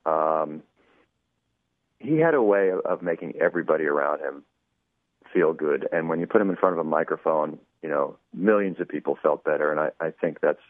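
Deep-voiced man on a tinny phone line. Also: moderate pace, no room sound. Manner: chatty storyteller, acts out quoted dialogue, many "you know"s. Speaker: producer of a radio show. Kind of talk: interview guest telling an anecdote.

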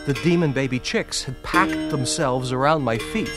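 A man reading a dramatic story slowly and deliberately. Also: mid-range voice, over loud music. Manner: slow, deliberate, gravelly. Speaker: story reader.

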